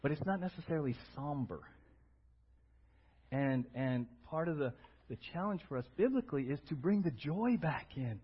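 A man preaching a sermon as pastor, conversational and animated, often asking "right?" to his congregation. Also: on the high side, normal speed, slightly rough, muffled recording.

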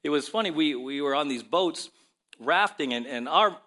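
A male pastor delivers a sermon full of lively storytelling, punctuating points with rhetorical questions. His voice sits a little high and sounds bright and forceful. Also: moderate pace. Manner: animated storytelling, frequent rhetorical "right?".

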